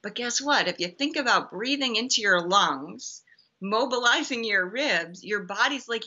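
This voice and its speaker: A woman's voice: a little high, lively intonation, normal speed, bright, forceful tone, lo-fi sound. A woman guest on a podcast interview, explaining emphatically with many ums and restarts. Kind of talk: conversational interview answer.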